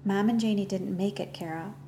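A grief-stricken middle-aged father, as a woman reads him in an audiobook, with a gravelly, mumbling voice. He speaks haltingly and apologetically, breaking off in the middle of sentences. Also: medium pitch, mellow, slight background noise, close to an everyday voice. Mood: grieving. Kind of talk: audiobook narration.

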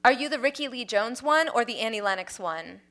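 A woman voicing a brisk male British music producer with a clipped way of talking. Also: fairly high pitch, animated, fairly bright tone, pitched above the performer's own voice.

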